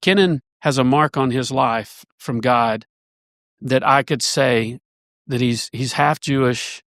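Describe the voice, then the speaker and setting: A man, a church elder, telling a long story in a casual podcast conversation, rambling and animated with many restarts. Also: mid-range voice, slow pace, dry recording, clean studio sound.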